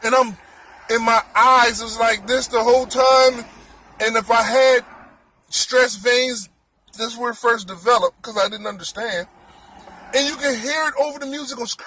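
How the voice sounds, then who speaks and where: A man telling a comic story in an animated, exclaiming way, repeating his words. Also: very high-pitched, moderate pace.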